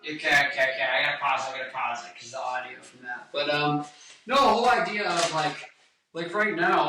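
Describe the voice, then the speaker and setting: In his twenties, a guitar-playing singer talks to camera in a loose, joking way, often cutting himself off mid-thought. The voice is a little high, a little fast and sharp, heard from a distance in an echoey room with faint music behind.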